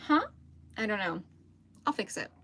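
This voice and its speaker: A woman's voice: mid-range voice, expressive, moderate pace, pushed and bright, slightly rough. Chatty Southern woman streaming live. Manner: chatty, reads viewer comments aloud, laughs easily. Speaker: crochet livestreamer. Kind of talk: casual live chat.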